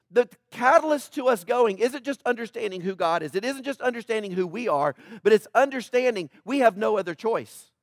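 Male pastor preaching, high voice, dry close sound, swings from loud declarations to hushed asides. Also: dry recording. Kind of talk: sermon.

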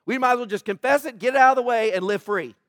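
A man's voice: very high-pitched, quick pace, no room sound, studio quality. A male pastor giving a sermon, joking with the congregation and acting out voices from the scripture he tells. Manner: animated, joking, acts out quoted voices.

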